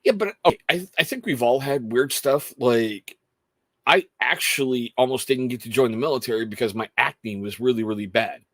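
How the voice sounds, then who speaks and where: Animated storytelling man, dry close mic. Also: mid-range voice, moderate pace, no room sound. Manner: animated storytelling, laughs often. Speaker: podcast host talking to chat. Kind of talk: casual chat.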